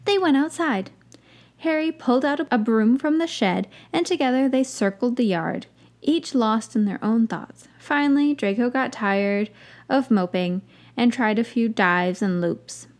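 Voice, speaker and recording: A woman's voice: fairly high pitch, animated, a little slow. Woman reading a story aloud, dry asides. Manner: wry, dry asides between passages. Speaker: podcast host reading fan fiction.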